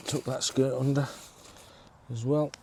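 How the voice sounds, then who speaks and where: His voice is mid-range and darkish, a little slow, with little pitch movement, and there's slight background noise. The man, an angling vlogger, casually talks to his one-handed handheld video camera while setting up a fishing shelter in his garden step by step.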